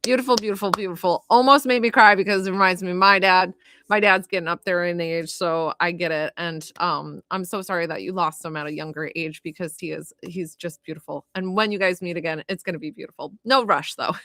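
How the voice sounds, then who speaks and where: A woman giving a live spirit reading as a medium, chatty and filled with "like" and "you know", gentle and consoling as she passes on messages. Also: lowish voice, steady tone, brisk, no echo. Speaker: psychic medium.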